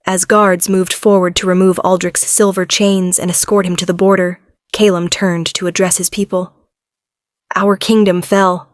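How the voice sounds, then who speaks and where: A woman narrating a romance audiobook in the first person, with even, steady storytelling. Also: on the low side, normal speed, dry recording, clean studio sound.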